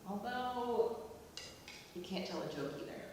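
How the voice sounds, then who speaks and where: A woman acting a teasing, sharp-tongued wife who speaks in a dry, matter-of-fact way, performed on a theatre stage. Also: mid-range voice, animated, measured pace, noisy background, natural voice. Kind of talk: amateur stage comedy acting. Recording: echoey hall, from far off.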